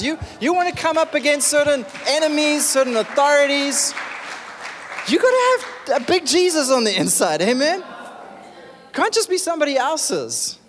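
High-voiced preacher, echoing hall. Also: male voice. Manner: animated, emphatic, calls for amens. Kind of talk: sermon.

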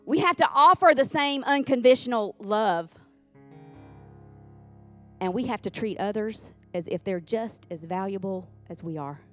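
Woman preaching, soft music behind. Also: medium pitch, lively intonation, unhurried. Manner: folksy, repeats lines for emphasis, calls on the congregation. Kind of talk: sermon. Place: church sanctuary.

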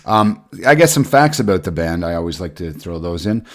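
A man's voice: low-pitched, sing-song, a little fast. A man on a podcast panel, talking casually about a band's history in an easygoing, hesitant way with many uhs. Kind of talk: casual album review chat.

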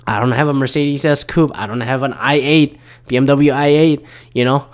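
A man's voice: mid-range voice, fairly even intonation, moderate pace. A man in his thirties giving casual solo commentary as host, rambling and swearing, with lots of fillers and restarts. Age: 30s.

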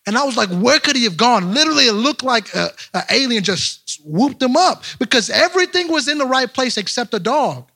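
A young man, a pastor, preaching a lively storytelling sermon straight to his congregation. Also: very high voice, fairly quick, few pauses, husky. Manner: animated, speaks straight to the congregation.

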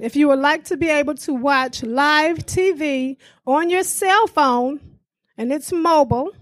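A woman making a short pitch at a meeting, carefully spelling out details. Her voice is high and her pace is slow, with a dry, close sound. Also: no room sound. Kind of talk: short announcement.

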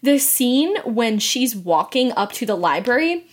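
A young woman co-hosts a podcast with a fairly high voice, chatting in a lively, playful way. She is a teacher training to be a librarian and jokes easily with her co-host. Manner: animated, chatty, quick to joke. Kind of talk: casual chat.

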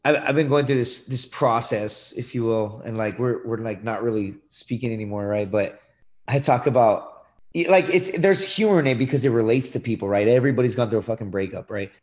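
A man's voice: mid-range voice, brisk, a little mellow. Young male comic, casual rambling chat, salty language, pops into voices for quotes. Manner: rambling, profane, acts out quotes in shifting voices. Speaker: stand-up comedian guest.

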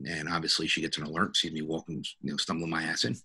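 A middle-aged police officer speaks low and husky with a forceful, bright edge. He tells his story haltingly and earnestly, stopping often to restart and fill pauses as a podcast guest. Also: little pitch movement. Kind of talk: personal story in a podcast interview.

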